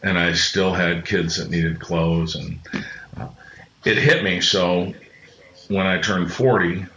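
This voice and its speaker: Low, bright-toned man in a roomy space. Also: steady tone, slow. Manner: earnest, rambling with frequent restarts. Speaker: podcast guest. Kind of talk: reflective personal storytelling. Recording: roomy, slightly muffled sound.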